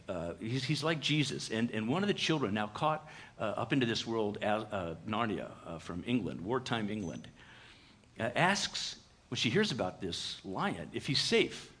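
A pastor delivering a conversational sermon in church, animated and full of "uh" fillers. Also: male voice, lowish voice, husky.

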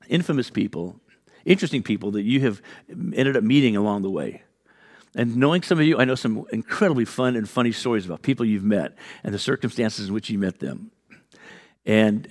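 A male pastor delivering a sermon, his voice sitting at an ordinary middle pitch. He talks loosely and animatedly, slipping into fillers and restarts as he acts out the people in his story. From California.

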